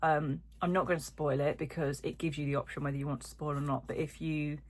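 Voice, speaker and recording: This crochet vlogger speaks fast in a low voice that barely moves in pitch. She's casually chatting while unboxing yarn, wandering off into lots of little asides.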